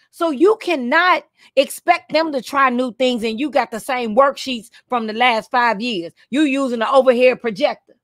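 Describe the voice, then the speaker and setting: A woman with a raised, lively pitch speaks to teachers on a live stream. She sounds preachy and playful, leaning on punchy repeated lines. Her voice is dry and close to the mic. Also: normal speed, dry recording.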